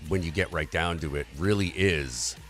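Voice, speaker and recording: A man with a deep, somewhat bright voice rants about society on his livestream at a moderate pace, sincere, rambling and swearing freely. Soft background music accompanies the casual political talk.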